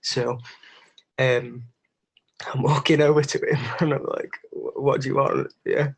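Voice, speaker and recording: A young man telling a holiday story in casual podcast chat, animated and sweary. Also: medium pitch, a little slow, creaky, husky. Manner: animated, swearing, acts out voices in anecdotes. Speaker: podcast co-host.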